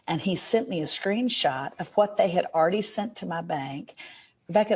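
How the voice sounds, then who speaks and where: A woman's voice: on the low side, animated, fairly quick, a little mellow, husky. A middle-aged woman, a podcast guest, telling an earnest and emotional story in a casual interview.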